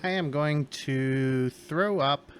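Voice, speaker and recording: A man's voice: on the high side, takes it slowly. A man playing a tabletop game at home, talking through his character's turn step by step. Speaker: player. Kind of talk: casual tabletop game play.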